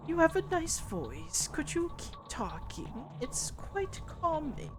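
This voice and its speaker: A woman voicing a kindly, worried elderly grandmother with a put-on accent, speaking slowly and tenderly. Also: high voice, very animated, over music, voice pushed up, full character voice. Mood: pained, gentle. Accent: put-on foreign accent. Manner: slow, soft-spoken and tender.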